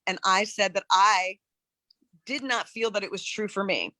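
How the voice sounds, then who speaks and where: A woman on a live coaching call, talking in an earnest, searching way with many halting restarts. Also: medium pitch, steady tone, pushed and bright, dry recording. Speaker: coaching client.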